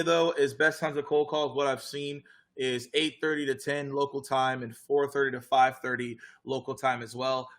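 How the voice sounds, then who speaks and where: A young man, hosting a casual live Q&A and coaching viewers on sales calls in an energetic, direct way. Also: medium pitch.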